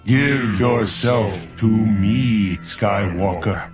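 A vast alien creature drawls each word slowly and hypnotically, as a male narrator puts it on. Its tempting voice is seductive and menacing. The audio is dull and lo-fi, with music playing underneath. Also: lowish voice, pitched below the performer's own voice. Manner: very slow, drawn-out, hypnotic.

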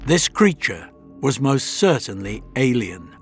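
A man reading a story aloud in a measured, dramatic narrating style. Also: mid-range voice, very animated, faint music behind. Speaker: audiobook narrator. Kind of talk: scripted narration.

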